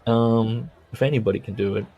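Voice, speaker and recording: Casting: male podcast co-host, lowish voice, casual chat, reads quotes with wry asides. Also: steady tone, brisk, muffled recording. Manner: reads book passages aloud with jokey asides. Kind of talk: casual book-club chat.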